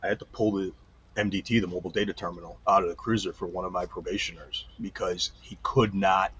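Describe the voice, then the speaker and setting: A man's voice: low-pitched, fast, slight background noise. A middle-aged man, a retired police chief telling stories from his career as a guest in a casual interview, acting out quoted lines as he goes. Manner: animated storyteller, acts out quotes. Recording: dull lo-fi sound.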